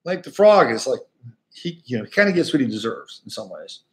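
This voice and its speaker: A man's voice: medium pitch, big pitch swings, fairly quick. A man hosting a casual astrology talk, speaking in a rambling, conversational way full of fillers. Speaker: astrologer host.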